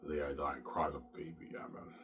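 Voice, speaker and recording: A man with a very deep, low-pitched voice delivers a rambling monologue. He trips over repeated words, restarting again and again, and swears freely as he goes. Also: level tone, fast talker, noisy background. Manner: repetitive, stammering, profane.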